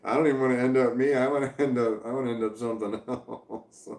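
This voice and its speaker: A man's voice: mid-range voice, fairly even intonation, fast talker, darkish tone, roomy sound. A man on a casual livestream, ranting heatedly and swearing, with laughs between sentences. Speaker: vlogger.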